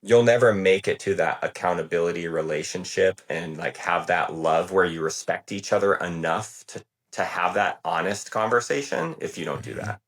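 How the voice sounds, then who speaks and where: A man's voice: low-pitched, moderate pace. A middle-aged American man, a retired Marine and podcast guest, talking thoughtfully in casual conversation. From United States. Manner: thoughtful, builds on metaphors.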